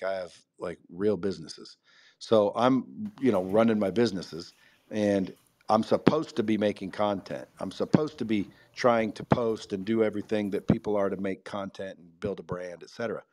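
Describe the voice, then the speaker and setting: A middle-aged man speaking in a blunt, profane, animated way, telling a story as a guest speaker in a casual live chat. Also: fairly low pitch.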